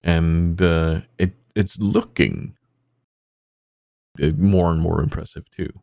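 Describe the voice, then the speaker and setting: Very deep-voiced Norwegian-accented man. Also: fairly even intonation, slow, vocal fry, darkish tone, dry recording, clean studio sound. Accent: Northern Norwegian. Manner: hesitant, self-deprecating, stammering restarts. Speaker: podcast co-host. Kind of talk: casual gaming podcast chat.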